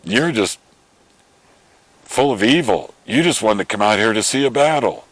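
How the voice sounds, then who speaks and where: A man's voice: fairly low pitch, animated, normal speed, a bit bright, no room sound. Brief: irritated older brother, as a male preacher puts him on, scolding. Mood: angry. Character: angry older brother scolding his little brother.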